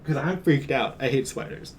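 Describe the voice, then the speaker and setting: Streaming from home, a man chats casually in a rambling, jokey way, chuckling often. His medium-pitched voice is a little mellow at a moderate pace, with a bit of hiss or hum underneath.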